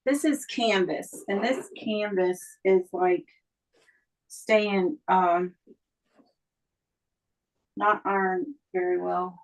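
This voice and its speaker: A woman's voice: lowish voice, steady tone, rough recording. A woman chatting as a guest on a sewing livestream, hesitant and full of ums. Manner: slow, hesitant, with many ums. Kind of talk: casual chat.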